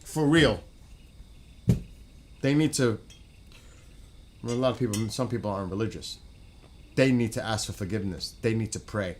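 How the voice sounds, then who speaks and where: A man's voice: lowish voice, normal speed, pauses often, slight background noise. A man on a gaming stream in casual chat. He talks bluntly and swears a lot, rambles and restarts his sentences, and often drifts away from the mic.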